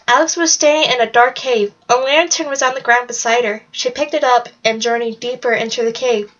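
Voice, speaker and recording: A woman with a fairly high voice reads a children's fantasy novel aloud. Her delivery is steady and plain, with the occasional small slip. The recording is dull and lo-fi. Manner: steady, plain storytelling read with small slips. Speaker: narrator. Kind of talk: read-aloud book narration.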